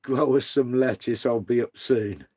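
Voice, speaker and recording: A man's voice: medium pitch, steady tone, measured pace, warm tone. A middle-aged man hosting a casual livestream, reading out viewers' messages. He calls people mate and son, and swears freely. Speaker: livestream host reading chat. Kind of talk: casual live chat.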